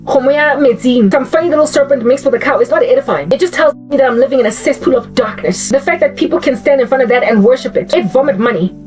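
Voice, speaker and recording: A fervent woman delivers emphatic religious commentary and repeats her phrases for force. Her voice sits fairly high. She is recorded from a distance, with faint music underneath. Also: expressive, quick pace, hardly any pauses, a little mellow. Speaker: Christian vlogger.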